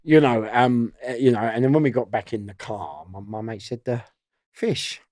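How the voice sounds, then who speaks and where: A man with a London accent, a podcast guest telling stories in an animated way and acting out the voices of the people in them. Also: medium pitch, fairly quick, no room sound, clean studio sound. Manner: animated storyteller who acts out voices and laughs often. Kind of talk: storytelling in a podcast interview.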